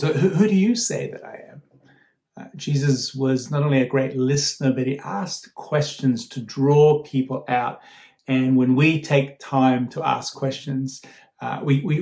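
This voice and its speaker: A man giving a guest sermon in a relaxed, conversational way, often repeating words as he starts a thought. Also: medium pitch, echoey room. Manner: conversational, warm storytelling with frequent fillers and repeated starts. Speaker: guest speaker.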